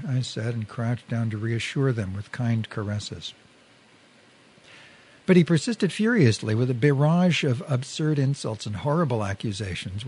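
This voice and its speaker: Husky man reading a wry story. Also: mid-range voice, a little mellow. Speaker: reader. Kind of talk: reading a first-person story aloud.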